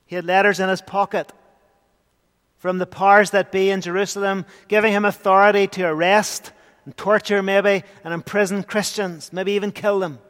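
High-voiced preacher in reverb. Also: male voice, flat delivery, normal speed, fairly bright tone. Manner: earnest, rising to emphatic bursts. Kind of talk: sermon. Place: church. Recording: long church hall reverb.

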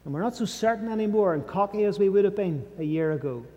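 A man preaching a sermon, emphatic and dropping to a hushed voice on key phrases. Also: high-pitched, lively intonation, quick pace, highs cut off. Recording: long reverb of a large hall.

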